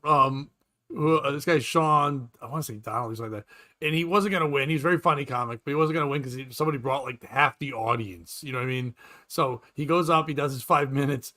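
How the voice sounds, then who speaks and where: A man, co-hosting a casual podcast chat, telling stories loudly and swearing freely. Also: mid-range voice, quick pace. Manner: loud, animated storyteller, swears freely, does voices. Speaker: podcast co-host.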